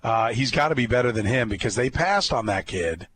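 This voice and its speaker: A man hosting a sports talk show, chatting casually as an animated storyteller who rambles and restarts often. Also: medium pitch, fairly quick, slight background noise. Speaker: radio sports host.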